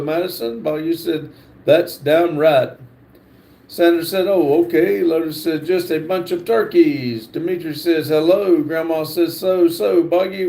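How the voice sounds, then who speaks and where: A man's voice: a little high, vocal fry, warm tone. A man hosting a casual livestream, reading viewers' comments aloud. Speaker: livestream host.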